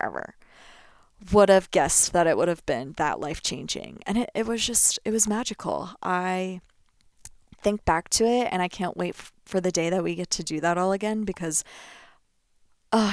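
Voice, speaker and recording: A young American woman hosts a casual solo podcast, reading her old journal aloud in a gushing, effusive way and repeating words for emphasis. Her voice is lowish, with clean studio sound and no echo.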